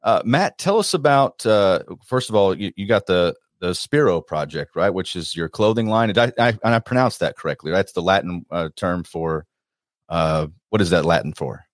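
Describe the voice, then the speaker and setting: Male interview host, deep and dry-sounding, emphatic delivery. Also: animated, moderate pace, no echo. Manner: emphatic, acting out other people's words in a higher voice. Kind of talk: casual interview talk.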